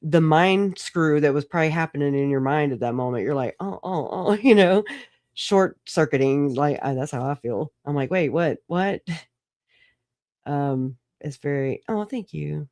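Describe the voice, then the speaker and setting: A woman's voice: low-pitched, expressive, moderate pace, darkish tone, no echo, clean studio sound. A woman hosting a casual solo livestream, rambling through stories, swearing and laughing often. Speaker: livestream host.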